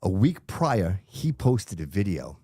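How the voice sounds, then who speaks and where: A man in his fifties hosting a podcast, telling a personal story in an animated way and talking to his audience. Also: low voice, slow, breathy edge, dry recording, clean studio sound. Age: 50s. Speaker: podcast host. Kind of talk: casual interview chat.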